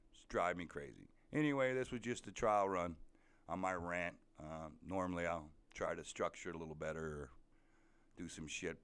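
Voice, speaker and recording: Guy with a real low voice ranting, swears a ton, rambles through a story. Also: a bit bright. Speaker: podcast host ranting. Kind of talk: casual profane rant.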